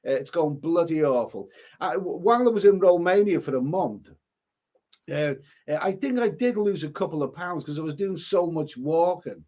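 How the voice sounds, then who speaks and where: A man's voice: a little high, expressive, normal speed, a little mellow. A man chatting casually on a live stream, reading out comments and rambling with frequent stumbles and repeated words. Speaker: livestreamer reading chat comments.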